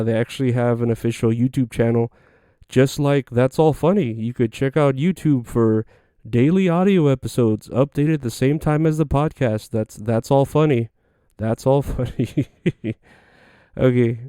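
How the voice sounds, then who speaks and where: A man's voice: medium pitch, warm tone, smooth, no room sound, clean studio sound. A young man hosting a podcast on his own, telling stories in a loose, profane way with lots of fillers. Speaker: podcast host. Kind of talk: casual solo podcast monologue.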